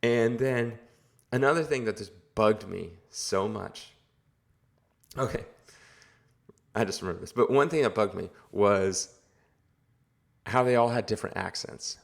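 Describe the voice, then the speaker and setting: A man's voice: lowish voice, a little slow, creaky, pauses often. A man giving a casual, rambling movie review, exasperated and full of filler words. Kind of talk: casual video review rant.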